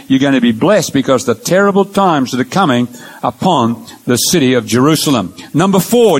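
A man with a fairly high voice delivers a Bible lecture, moving through numbered points as he points out pictures on his slides. He speaks in a measured, earnest way and leans on key words for emphasis. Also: rough recording. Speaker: Bible teacher.

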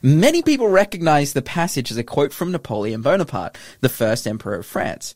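A man's voice: on the high side, big pitch swings, a little fast, few pauses, no echo. A man co-hosting a radio show, playful and laughing often while reading out listener messages. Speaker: radio co-host. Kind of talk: casual radio chat.

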